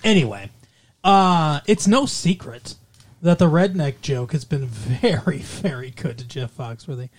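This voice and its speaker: A man's voice: fairly high pitch, expressive, a little slow. Rambling sardonic male co-host. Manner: rambling, frequent fillers and restarts, sardonic. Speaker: podcast co-host. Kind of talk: casual news chat.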